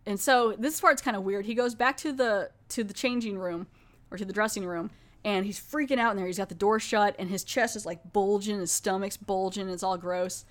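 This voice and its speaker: A woman's voice: medium pitch, steady tone, normal speed. Chatty woman recapping a TV episode. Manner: chatty, filler-heavy, often restarts. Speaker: podcast host.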